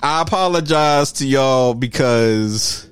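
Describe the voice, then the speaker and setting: A man's voice: medium pitch, takes it slowly, smooth, dry recording, faint music behind. A man telling a story in casual chat, acting out everyone he quotes. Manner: animated, acts out everyone in the story.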